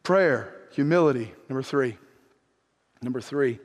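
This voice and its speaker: A man preaching a sermon as pastor, impassioned, swinging from near shouts down to quiet, low lines. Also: unhurried. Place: church sanctuary. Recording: long reverb of a church hall.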